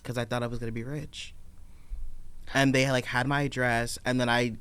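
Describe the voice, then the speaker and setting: A young man guesting on a podcast, chatting in a relaxed, self-deprecating way. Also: mid-range voice, moderate pace, clean tone. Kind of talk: casual chat.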